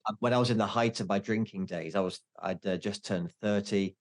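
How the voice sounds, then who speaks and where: A man's voice: lowish voice, fairly quick. A man in his forties, a podcast guest, talking candidly and mocking himself, with many restarts. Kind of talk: casual interview chat.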